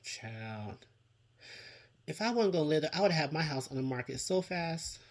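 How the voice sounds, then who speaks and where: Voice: mid-range voice, lively intonation, normal speed. A video host giving casual commentary on a reality show, exasperated and dramatic, sighing often and repeating lines for emphasis. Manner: exasperated, dramatic, with frequent sighs and exclamations; addresses people directly and repeats lines for emphasis. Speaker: TV show reviewer, channel host.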